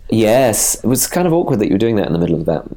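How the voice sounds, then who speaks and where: A man chatting casually as a podcast co-host, laughing often and throwing in quick asides. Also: fairly low pitch, big pitch swings, background noise. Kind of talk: casual chat.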